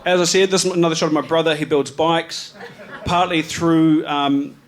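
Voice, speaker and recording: This photographer from New Zealand, with a New Zealand accent, presents his slides live at an event venue with an audience. He speaks at normal speed in a higher, fairly even voice, rambling casually with plenty of ums, restarts and slang.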